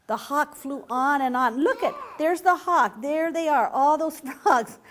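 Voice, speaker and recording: Lively woman reading to children. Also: high voice, unhurried, heavy background noise. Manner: animated and playful, asking children questions. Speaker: children's storyteller. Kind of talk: reading a picture book aloud to children.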